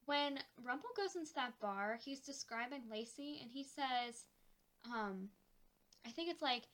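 Bright, sarcastic young woman co-host. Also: high-pitched, lively intonation, measured pace. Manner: sarcastic, incredulous asides, laughs often. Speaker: podcast co-host. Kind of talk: casual chat.

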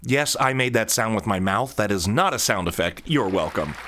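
Talking into a studio microphone on a stand in his home studio office, this man runs his own podcast as a casual solo monologue. His voice sits on the low side, a bit bright, animated and moderately paced, with joking tangents throughout.

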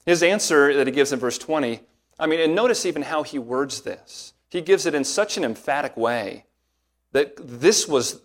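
Male pastor, earnest sermon, emphatic, shifting pace, mid-pitched voice. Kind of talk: expository sermon.

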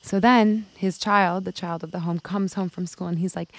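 Low, gravelly-voiced woman coach. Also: steady tone, moderate pace, hardly any pauses, no echo. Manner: storytelling, acts out other people's lines, swears casually. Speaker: women's life coach. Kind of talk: motivational talk.

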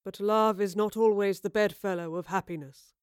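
A woman voicing a portly, wounded older gentleman. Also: high-pitched, steady tone, normal speed, clear, resonant tone, no echo, clean studio sound, lightly acted. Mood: wistful. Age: 40s. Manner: formal, old-fashioned phrasing. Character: older man, portly, wounded, dignified, melancholy.

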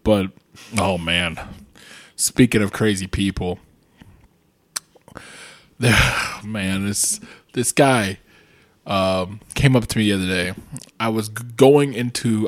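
A man co-hosting a podcast in casual chat, cracking jokes and laughing often. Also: on the low side. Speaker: podcast co-host.

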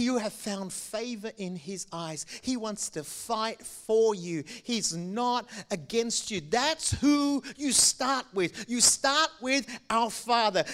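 A middle-aged man born in Malaysia preaching a sermon in an animated, conversational way, drawing the congregation in. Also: sits high. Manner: animated, conversational, engaging the crowd. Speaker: pastor.

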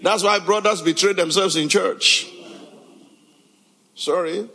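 A man's voice: sits high, fairly even intonation, slow pace, creaky, sharp tone, long reverb tail, low-quality recording. A pastor preaching a sermon, reading scripture aloud and questioning his congregation.

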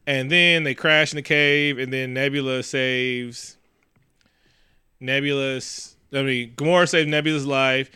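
A man's voice: mid-range voice, bright, forceful tone, clear, resonant tone, no echo, clean studio sound. A man recapping a movie in casual chat, rambling and joking, swearing freely and acting out the characters' lines.

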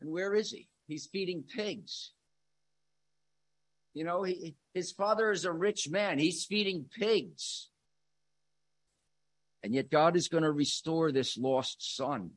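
A male preacher delivering a sermon with a slightly raised pitch. He drops into quiet, searching asides, then rises into loud, emphatic lines. The recording is dry and close, with no room sound. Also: slow, pauses often, no echo. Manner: dynamic, swings between soft musing and loud emphatic lines.

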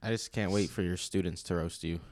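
A man with a lowish voice co-hosting a podcast, full of teasing banter. The sound is close and dry, with no room around it. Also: steady tone, a little fast, darkish tone, dry recording. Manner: teasing, banters with his brother. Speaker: podcast co-host. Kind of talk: casual podcast chat.

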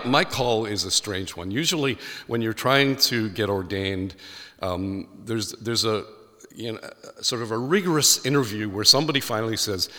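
A man's voice: mid-range voice, bright, forceful tone, big-room sound. A man from Ireland with an Irish accent, a pastor telling a personal story in a sermon and acting out the voices he quotes.

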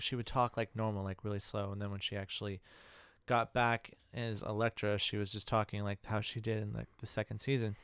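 A man's voice: on the low side, flat delivery, fairly quick, a bit bright, clean tone, no room sound. A man co-hosting a podcast, talking in a loose, rambling way with lots of fillers. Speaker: podcast co-host. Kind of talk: casual chat.

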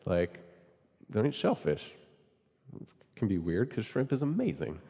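A man's voice: lowish voice, wildly swooping pitch, a little slow, mellow, breathy edge, big-room sound. A man preaching a sermon in a conversational way, often asking his listeners questions. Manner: conversational, asks the congregation questions. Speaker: pastor.

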